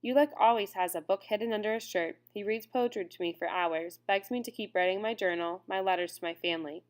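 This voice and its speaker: A woman narrating a first-person audiobook in a measured, reflective reading. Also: mid-range voice.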